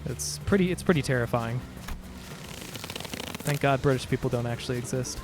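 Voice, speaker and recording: This man streams a game, bantering and joking playfully with his viewers in a chatty way. His voice sits in the mid range at a normal speed, with faint music playing behind him.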